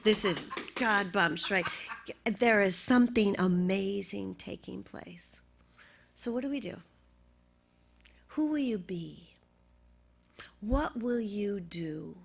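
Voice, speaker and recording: A middle-aged woman minister preaching a sermon, telling a story and often dropping to a hushed half-whisper. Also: medium pitch, slow pace, creaky, pauses often, breathy edge.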